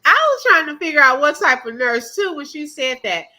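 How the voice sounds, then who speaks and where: A woman's voice: high-pitched, normal speed. A woman hosting a reaction channel, commenting skeptically and talking straight to her viewers in casual chat. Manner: skeptical, animated, addresses viewers as y'all.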